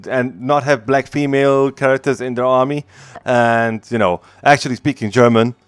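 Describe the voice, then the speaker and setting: A man's voice: medium pitch, clean tone, no echo. A man hosting a gaming channel, ranting casually, profane, heated and rambling.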